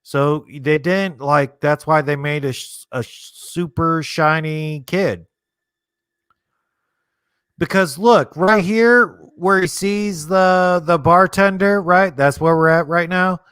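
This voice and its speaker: A man's voice: fairly high pitch, takes it slowly, fairly bright tone, smooth, dry recording, studio quality. A man casually commenting on a movie as a streamer, laid-back and rambling, thinking aloud with lots of fillers. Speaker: streamer hosting a movie watchalong.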